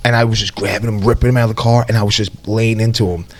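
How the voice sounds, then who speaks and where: Animated, profane male storyteller. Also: on the low side, very fast. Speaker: podcast co-host. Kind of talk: casual storytelling chat.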